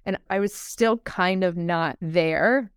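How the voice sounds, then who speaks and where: A woman telling her personal story as a podcast guest, animated and acting out the dialogue she quotes. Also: on the low side, takes it slowly, clear, resonant tone, dry recording, studio quality.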